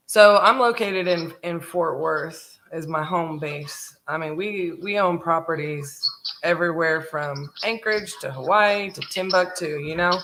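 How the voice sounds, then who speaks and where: A woman's voice: fairly low pitch, a bit bright, slight background noise. A woman with a Southern US accent leading a live sales call as host, friendly and affirming, mirroring the caller. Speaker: real estate investor, host.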